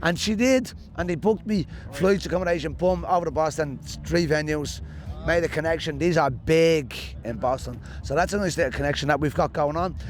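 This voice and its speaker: A man from Ireland with a Dublin accent, talking in a slightly high voice. He rambles through animated, joking stories like a stand-up comedian being interviewed, casual and quick to punchlines. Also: a little hiss or hum.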